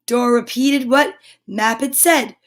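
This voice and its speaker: Slow, high-voiced woman reading a storybook. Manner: animated, adds asides to the listener. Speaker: storyteller reading a children's book aloud.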